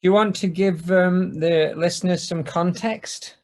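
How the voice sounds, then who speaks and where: A man co-hosting a podcast in casual chat, animated and playful as he talks. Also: high-pitched, a little slow. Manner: animated, dips into voices while reading. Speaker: podcast co-host. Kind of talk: casual chat, reading a scene aloud.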